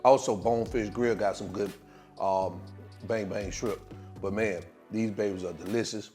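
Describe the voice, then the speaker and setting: A man's voice: deep voice, moderate pace, pauses often, darkish tone, soft background music. A man hosting a casual cooking video, talking viewers through the dish in a laid-back way and hyping the food. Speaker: cooking channel host.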